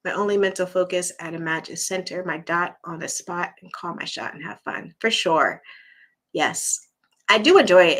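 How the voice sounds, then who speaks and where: A woman's voice: lowish voice, a bit bright. A woman hosting a casual live chat, chatty and encouraging, reading viewer comments and losing her voice. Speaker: livestream host.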